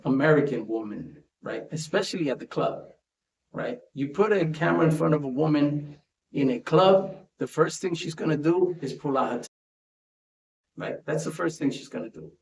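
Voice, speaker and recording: A man's voice: fairly high pitch, expressive, brisk. Man talking in a roomy echo. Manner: conversational, tags statements with "right?". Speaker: commentary host. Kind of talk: casual commentary monologue.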